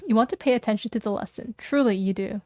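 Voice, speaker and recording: A woman's voice: medium pitch, fast talker, a little mellow, dry recording, faint music behind. A young woman streaming, reading a game aloud, playful and joking with chat on a close mic. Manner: playful and giggly, jokes with chat. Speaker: vtuber streamer.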